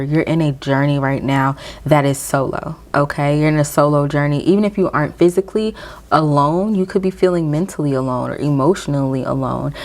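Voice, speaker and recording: A woman's voice: low-pitched, darkish tone. A woman giving a casual tarot reading to her viewers, encouraging them and checking in with "okay?" as she goes. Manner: encouraging, addresses viewers directly with frequent "okay?"; reads aloud from a guidebook in slow measured phrases. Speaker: tarot reader.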